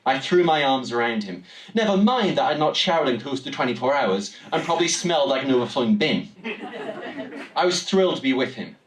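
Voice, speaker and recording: A man's voice: mid-range voice, lively intonation, fairly quick. A young man from Newcastle with a Geordie accent, telling a wry, comic story live on stage in a small venue. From Newcastle, England. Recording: roomy room, distant mic, audience.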